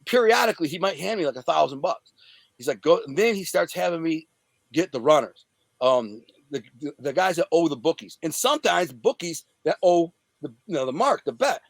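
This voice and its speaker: A man's voice: on the high side, lively intonation, moderate pace, creaky, dry recording. A man from the Detroit area, an interview guest telling a story in profane street slang and acting out the scenes. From Detroit area, USA. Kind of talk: casual storytelling.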